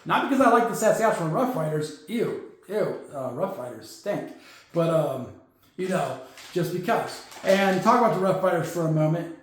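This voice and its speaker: A man's voice: sits high, expressive, brisk. A man hosting a casual sports talk show, chatty and rambling, stumbling over numbers. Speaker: podcast host. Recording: very echoey room.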